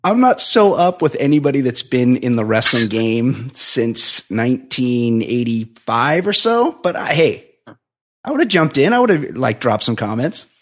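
A man's voice: mid-range voice, expressive, unhurried, fairly bright tone. A man co-hosting a comedic podcast, rambling casually and laughing between lines. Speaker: podcast co-host.

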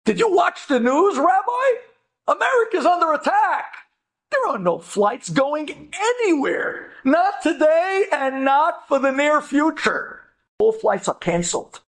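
A woman's voice: high-pitched, sing-song, unhurried, pitched above the performer's own voice. A man voicing an incredulous female airline counter agent who insists there are no flights. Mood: exasperated. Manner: exasperated, emphatic.

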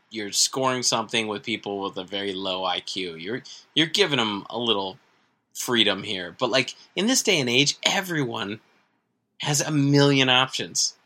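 Male co-host, lively up-and-down pitch, bright tone, rambly. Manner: rambling, searching for words. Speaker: podcast co-host. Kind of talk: casual comedic chat.

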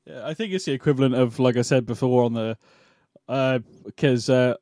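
A man's voice: medium pitch, steady tone, normal speed, dark tone, dry recording. A British man co-hosting a casual podcast, laughing often and hedging with many ums. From United Kingdom. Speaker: podcast co-host. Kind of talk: casual chat.

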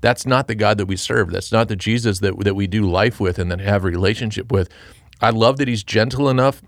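Earnest, low-voiced man talking faith. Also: dry recording, studio quality. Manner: earnest, halting, with many restarts and fillers. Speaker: podcast co-host and Christian father. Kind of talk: casual Bible discussion.

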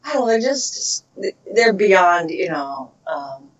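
A middle-aged voice actress chatting in an interview, laughing often and searching for words. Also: female voice, fairly low pitch, sing-song, takes it slowly. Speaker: voice actress, guest. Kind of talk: casual interview chat. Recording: dull lo-fi recording.

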